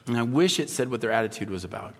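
A man preaching a sermon as a pastor, telling stories with animated delivery and acting out the voices of the people he quotes. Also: mid-range voice, fast talker. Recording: long hall reverb.

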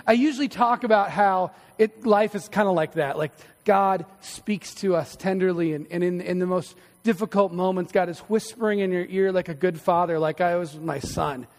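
Hoge mannenstem, preek in galmende kerk. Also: male voice, sits high, in a large hall. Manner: conversational storytelling preacher, self-deprecating humor. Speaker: pastor. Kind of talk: sermon. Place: church sanctuary.

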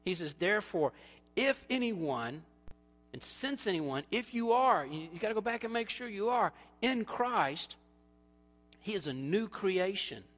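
A male pastor preaching a sermon, animated and storytelling, acting out quoted voices, then dropping to quiet appeals. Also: sits high, unhurried, big-room sound, soft background music.

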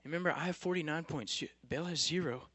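Young guy preaching, chatty but punchy, lots of rhetorical questions, slightly high voice, dry close sound. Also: fast talker, a bit bright, slightly rough, dry recording. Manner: casual, emphatic, rhetorical questions. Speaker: campus preacher. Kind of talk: sermon.

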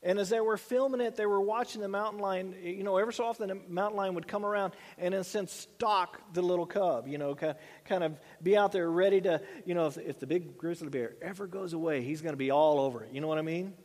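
A man's voice: sits high, quick pace, hardly any pauses, darkish tone, big-room sound. A middle-aged man preaching a sermon in a loose, conversational way, often repeating words and using fillers. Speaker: pastor.

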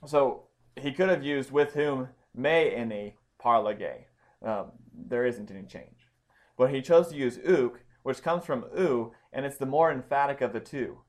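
A man's voice: medium pitch, animated, a little slow. A man teaching a Bible study lesson, explaining Greek grammar step by step with frequent ums and restarts.

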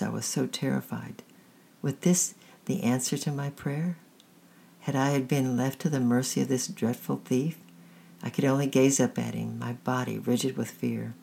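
A woman hosting a story-time reading, narrating a chapter book in a steady, measured way. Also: very deep voice, creaky, husky.

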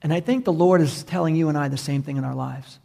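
Pastor, man, gravelly and a bit high, earnest sermon delivery with repetition. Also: fast, mellow. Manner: earnest, building emphasis with repeated phrases.

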